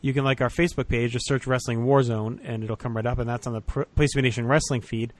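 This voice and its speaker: A man's voice: medium pitch, fast, dry recording. Male podcast host, loose chatty delivery, dry close mic. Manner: relaxed, rambling with fillers. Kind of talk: casual podcast chat.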